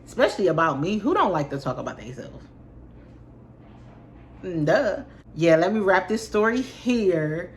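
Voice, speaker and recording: A young woman with a low-pitched voice talks to her viewers in a loose, slangy storytime vlog. She rambles and vents in a lively, expressive way. A faint hiss sits under the recording. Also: normal speed. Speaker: vlogger. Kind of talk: casual storytime chat to camera.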